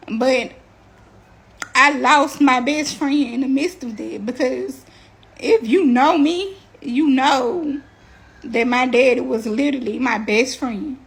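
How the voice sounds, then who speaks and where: Woman, high voice, slow delivery, emotional storytime, halting, close to tears. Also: a bit bright. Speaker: mother telling her story.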